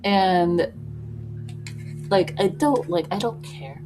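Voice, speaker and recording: A woman's voice: on the low side, slow pace. A young woman vlogging casually while getting ready, rambling with lots of fillers and little laughs. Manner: rambling, filler-heavy, many "like"s; laughs between thoughts. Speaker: beauty vlogger. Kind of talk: casual get-ready-with-me chat. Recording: music playing clearly behind voice.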